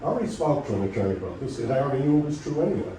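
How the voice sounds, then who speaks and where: A man's voice: mid-range voice, very animated, very fast, far from the mic, background noise. Insistent middle-aged man, echoey meeting room. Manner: insistent, argumentative, lecturing. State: losing his voice. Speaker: resident speaking at public comment. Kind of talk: public meeting remarks.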